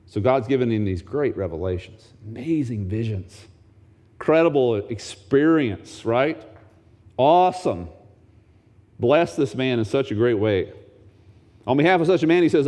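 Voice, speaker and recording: A male pastor delivering a sermon in a mid-pitched voice. He swings widely from low, hushed asides up to sudden high, excited exclamations, animated throughout. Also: normal speed.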